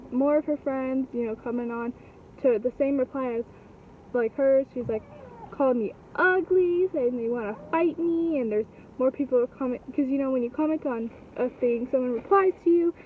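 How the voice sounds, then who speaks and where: A woman's voice: high-pitched, slight background noise. A young woman and new mother telling a rambling, indignant storytime vlog full of fillers and swearing. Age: young adult. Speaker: vlogger. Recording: tinny phone-like sound, slightly distant.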